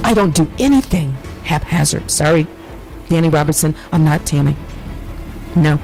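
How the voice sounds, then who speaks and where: A woman's voice: low voice, moderate pace, gravelly, pauses often, mellow, soft background music, low-quality recording. Rambling woman reading out chat messages. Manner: meandering, self-correcting. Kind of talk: reading her own chat messages aloud.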